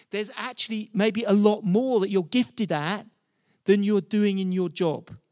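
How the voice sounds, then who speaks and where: A man's voice: high-pitched, a little mellow. A middle-aged man preaching a sermon, telling stories with frequent restarts and repeated words.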